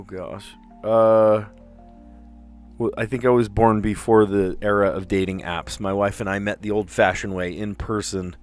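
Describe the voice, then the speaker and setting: Excited and quick to mock himself, a middle-aged man talks his way through a word puzzle while hosting a relaxed live stream. His voice is on the low side.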